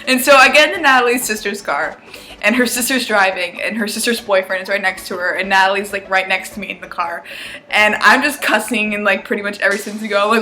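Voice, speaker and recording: A seventeen-year-old vlogger from Arizona rambles fast through a storytime video, laughing and swearing freely. Her mid-range voice is bright and forceful, with fairly even intonation.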